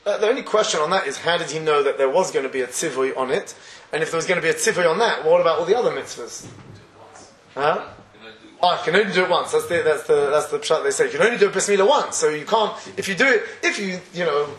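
A man's voice: on the high side, fast, fairly bright tone, roomy sound. A man giving a Torah class, conversational and chuckling often as he acts out everyday scenes. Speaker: Torah teacher.

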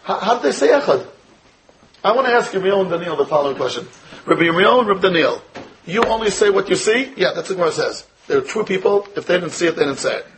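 A fast-talking American rabbi with a high voice and lively intonation teaches a Torah class against a noisy background. Rhetorical questions aimed at his students come thick and fast, along with Hebrew and Yiddish terms.

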